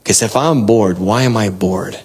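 A man preaching a devotional sermon and reading scripture, earnest and exhorting, with bursts of excitement and soft laughs. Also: fairly low pitch, measured pace, breathy edge.

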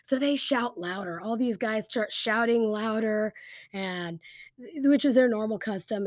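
A woman teaching a Bible story in a casual, lively storytelling way, with frequent fillers like "um" and "like". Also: on the high side, no echo, clean studio sound.

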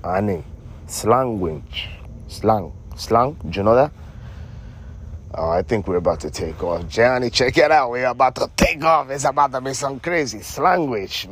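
A man's voice: medium pitch, slight background noise. A man co-hosting a casual comedy podcast, rambling in slang and calling people honey and man. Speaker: podcast co-host.

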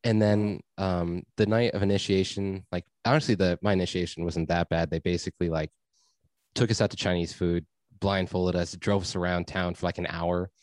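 Laid-back young man, low dry voice. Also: fairly even intonation, moderate pace, darkish tone, no echo. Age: young adult. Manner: laid-back, rambling, heavy swearing and fillers. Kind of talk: casual storytelling chat.

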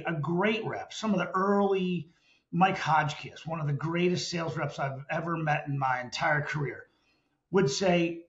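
A middle-aged man telling stories about sales work in a relaxed interview, with many restarts. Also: on the high side, moderate pace, roomy sound, muffled recording. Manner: reflective, storytelling with many restarts. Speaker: guest, former sales executive. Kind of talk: casual interview conversation.

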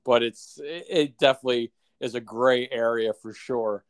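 A man chatting casually as a podcast co-host, his pitch sitting in an ordinary middle range. He rambles, stopping and restarting his sentences and filling the gaps with "like" and "uh.". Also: normal speed, no room sound. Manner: rambling, many fillers and restarts. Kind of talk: casual chat.

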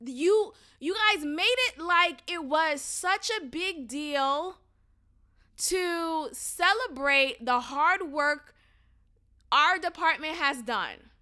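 A woman's voice: sits high, expressive, drawn-out words, bright, forceful tone. A young adult woman hosting a podcast, venting in an exasperated, emphatic way and swearing freely. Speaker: podcast host. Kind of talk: casual venting monologue.

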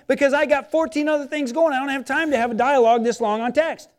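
Man, pastor, sermon, high-pitched voice, animated, acts out inner voices, loud emphasis then quiet asides. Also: fast talker, hardly any pauses.

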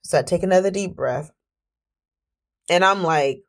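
In a relaxed solo storytelling segment, this woman podcast host gets animated and exclamatory, curses liberally, and breathes deeply to settle herself. Her pace is measured.

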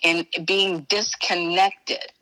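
Speaking very slowly with little pitch movement, a low-leaning, bright and forceful female voice comes through a low-quality recording. She's a spiritual teacher from Chicago, USA, a guest in a casual interview chat. Her folksy, emphatic manner includes calling the listener honey and baby.

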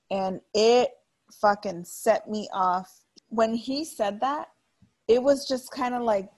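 A woman's voice: on the high side, takes it slowly. Blunt, swearing woman telling stories. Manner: blunt, heavy swearing, animated storytelling. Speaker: podcast co-host. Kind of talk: casual candid chat.

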